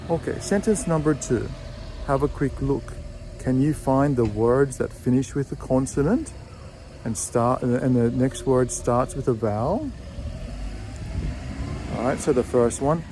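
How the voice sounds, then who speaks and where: A man gives an English pronunciation lesson at a mid pitch, patient and steady. He says example phrases slowly and repeats them. A faint background hiss sits under his voice. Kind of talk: video lesson. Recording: faint background noise with birdsong.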